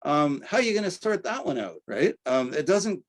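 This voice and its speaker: An older man giving an academic lecture in a conversational way, often checking in with "right?" and pausing on fillers. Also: on the high side, very animated. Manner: conversational, tags points with "right?", frequent fillers. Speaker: archaeology lecturer.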